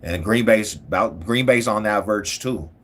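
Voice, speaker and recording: A man hosting a live stream, talking loud, boastful trash about sports rivals in slangy banter. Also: on the low side, moderate pace, a little hiss or hum.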